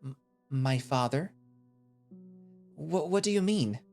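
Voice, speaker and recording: A man's voice: fairly high pitch, lively intonation, slow, vocal fry, a little mellow, faint music behind, full character voice. A man playing an anxious young man who stammers and pleads in a raised voice. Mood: distressed.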